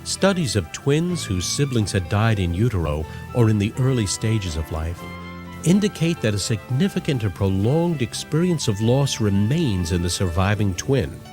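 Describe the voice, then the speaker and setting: A man with a fairly low voice narrates a documentary. His delivery is measured but lively in pitch. Soft music sits faintly behind him.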